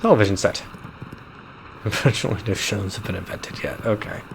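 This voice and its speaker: Guy streaming a game, reads the text out, little chuckles, lowish voice, hissy audio. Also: brisk. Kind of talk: live gameplay commentary.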